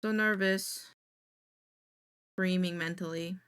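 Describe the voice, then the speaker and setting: A woman's voice: fairly low pitch, steady tone, takes it slowly, fairly bright tone, clean tone. A woman streamer chatting casually to her viewers, thinking aloud in a jittery, self-deprecating way while she works. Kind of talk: casual live-stream chat.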